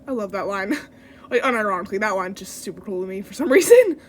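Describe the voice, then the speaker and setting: A woman's voice: mid-range voice, expressive, a little fast, gravelly, a little hiss or hum. A woman vlogger chatting casually in a giggly, self-deprecating way. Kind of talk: casual chat.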